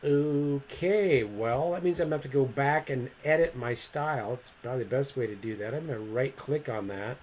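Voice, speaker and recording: Casual man talking through a software tutorial. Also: mid-range voice, moderate pace, few pauses, a little hiss or hum, low-quality recording. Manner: casual, thinking aloud, self-correcting. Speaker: instructor. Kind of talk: screen-recorded software tutorial.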